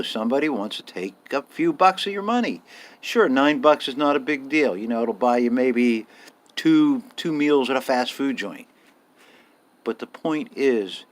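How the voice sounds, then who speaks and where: An older man delivering a blunt, indignant monologue as a vlogger, swearing freely and pressing his points with rising emphasis. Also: medium pitch. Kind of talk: casual ranting monologue.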